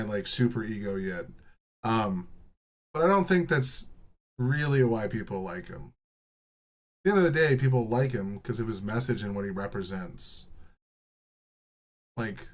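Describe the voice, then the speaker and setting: Profane laughing young guy. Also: on the low side. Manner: profane, joking, laughs often, lots of "bro" and "like". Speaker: reaction streamer. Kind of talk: casual rambling reaction commentary.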